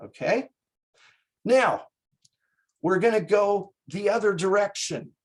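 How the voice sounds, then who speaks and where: A math instructor talks through a classroom lecture at an unhurried pace. The voice is a little husky and breathy, and the delivery is folksy, with frequent check-ins with the class and small jokes. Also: medium pitch, rough recording.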